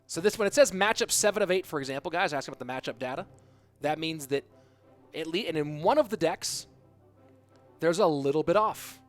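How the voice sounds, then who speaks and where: A man with a slightly raised voice calls a competitive match on his own live stream, bouncing between the plays and questions from his chat. He talks in a chatty, joking way. Game music plays clearly under his voice. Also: a little high, lively intonation, brisk. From United States. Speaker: esports caster and streamer.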